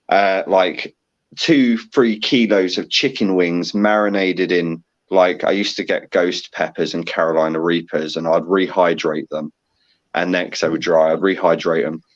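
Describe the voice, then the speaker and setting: A man's voice: low-pitched, lo-fi sound. A man being interviewed in a casual chat, talking in a rambling, laid-back way. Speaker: guest.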